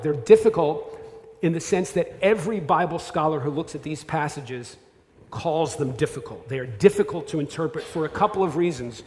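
A man's voice: on the high side, moderate pace, darkish tone. A man in his thirties, a pastor, preaching a conversational, self-deprecating sermon with asides and restarts. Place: church sanctuary. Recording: long hall reverb.

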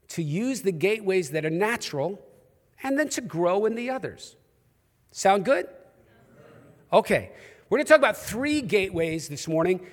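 A man's voice: high voice, long reverb tail. A man with a New York accent preaching a sermon in a church, with humorous, conversational storytelling. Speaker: pastor. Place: church auditorium.

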